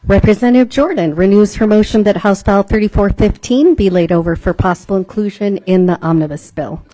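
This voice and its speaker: A woman chairing a legislative committee hearing, brisk and procedural. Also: mid-range voice, warm tone. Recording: dull, lo-fi hearing room audio.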